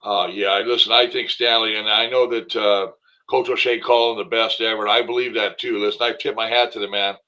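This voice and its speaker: A man's voice: lowish voice, level tone, brisk, bright, forceful tone, low-quality recording. A man talking football as a guest on a sports talk show, emphatic and enthusiastic, rambling with fillers. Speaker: guest, former football player and commentator.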